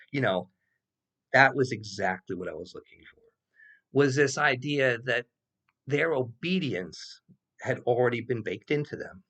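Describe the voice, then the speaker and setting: A man in his sixties, a professor, telling a rambling personal story in a loose, casual way and swearing freely. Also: medium pitch. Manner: animated, acts out quoted voices, swears freely; loose and rambling with many fillers.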